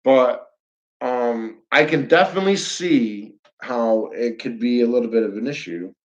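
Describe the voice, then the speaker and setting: A man's voice: medium pitch, a little slow, highs cut off. A man with a New York accent ranting bluntly on a livestream, repeating himself and talking straight to his viewers. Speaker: flat earth livestreamer. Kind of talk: fired-up livestream rant.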